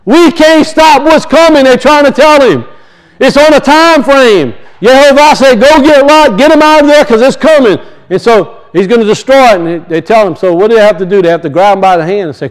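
Male preacher, very high voice, impassioned sermon delivery, repeats his points, swings between loud and hushed. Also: low-quality recording. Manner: impassioned, repetitive, rising and falling emphasis. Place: church.

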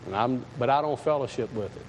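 A man's voice: medium pitch, quick pace, a little mellow, big-room sound, slight background noise, rough recording. A man, a pastor, preaching a sermon in a folksy, plain-spoken and emphatic way.

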